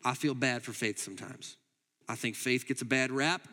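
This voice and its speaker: A man preaching a sermon as pastor, emphatic, moving between loud urging and quiet asides. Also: mid-range voice, steady tone, moderate pace, big-room sound. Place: church hall.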